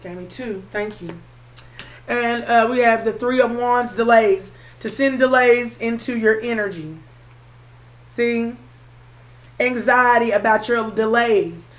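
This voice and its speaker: In a slow, fairly high voice, a tarot reader works through a card reading for her viewers. She repeats her phrases and calls the listener honey.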